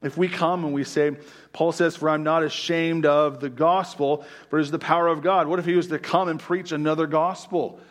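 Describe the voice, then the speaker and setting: A man preaching a sermon as pastor, stressing key words by slowing down and dropping frequent "right?" asides. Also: fairly high pitch, fairly even intonation.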